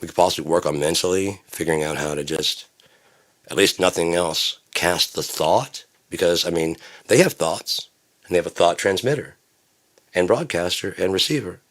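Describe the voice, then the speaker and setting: A man with a very low voice rambles through a stream-of-consciousness rant. He jumps from musings on time to blunt, profane gripes, cursing freely as his thoughts wander. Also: moderate pace, a bit bright. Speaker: solo rambling monologue.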